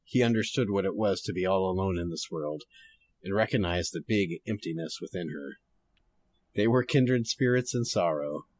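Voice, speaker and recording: A man's voice: sits low, normal speed, a little mellow, husky. Chatty man who laughs a lot. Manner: laughs often, sidetracked, swears casually. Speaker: podcast host reading a story. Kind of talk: casual chat and story reading.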